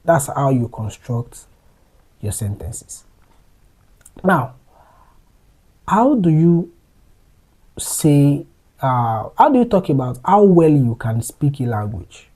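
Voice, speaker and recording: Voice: mid-range voice, big pitch swings, slow, pauses often, dark tone, slightly rough, rough recording. A French teacher giving a patient language lesson, explaining step by step and repeating each phrase.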